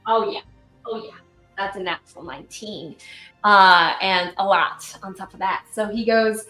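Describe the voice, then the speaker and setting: A woman narrating as game master in a relaxed way, with many fillers. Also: mid-range voice, measured pace, soft background music.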